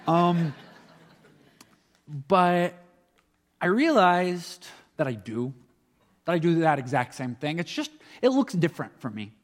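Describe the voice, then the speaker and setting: Speaking slowly with long pauses and big swings in his fairly high pitch, a young man, a student, gives an earnest personal faith testimony. He reflects sincerely but frequently trips over his words, his voice echoing with a hall's long reverb.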